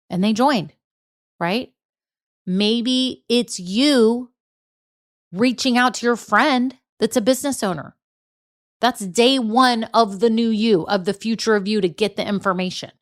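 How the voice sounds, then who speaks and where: A woman's voice: fairly high pitch, unhurried. Southern lady from texas hosting her podcast, chatty and encouraging, says y'all a lot, middle-aged. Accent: Southern American. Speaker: podcast host. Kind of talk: motivational solo podcast talk.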